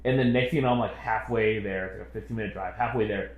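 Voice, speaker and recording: Fast-talking young man, animated storyteller. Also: lowish voice, echoey room, narrow, tinny audio, noisy background. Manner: animated storyteller, acts out quotes loudly. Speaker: podcast co-host. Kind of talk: casual chat.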